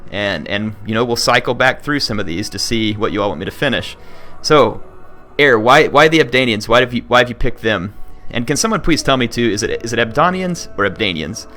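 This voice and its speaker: A man's voice: mid-range voice, pushed and bright. A man talking casually to his viewers as a gaming video host, earnest and rambling with frequent restarts. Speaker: gaming YouTuber.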